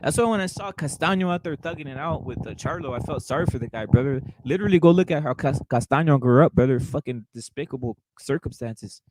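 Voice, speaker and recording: A boxing show host fires off a casual livestream rant, fast and with hardly any pauses, in a mid-range, slightly mellow voice with lively intonation. He swears heavily, repeats himself heatedly, and keeps saying "brother." The poor-quality audio has no echo.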